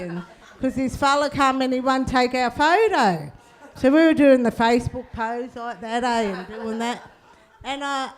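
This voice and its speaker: A middle-aged woman, telling stand-up stories in a laid-back, cheeky way and tagging lines with "eh?". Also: fairly high pitch. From Australia. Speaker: comedian. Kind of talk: stand-up storytelling.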